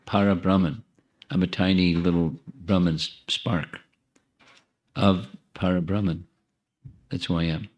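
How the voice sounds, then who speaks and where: A deep-voiced man lecturing on spiritual teachings, talking in a loose, conversational way. He often restarts his phrases and turns to the audience with friendly asides. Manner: repeats and restarts phrases while thinking. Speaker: monk giving a spiritual talk.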